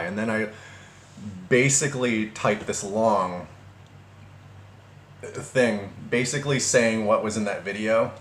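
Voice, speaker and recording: A young man vlogging casually about a breakup, halting and restarting his sentences with many fillers. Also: on the low side. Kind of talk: casual personal vlog. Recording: echoey room with faint ambient noise.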